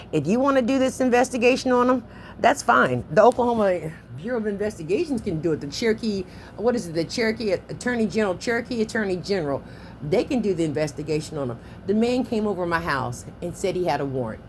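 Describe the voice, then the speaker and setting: A woman's voice: mid-range voice, lively intonation, fast, a little hiss or hum. A woman on a phone call pressing a complaint, insistent and emotional, often repeating herself.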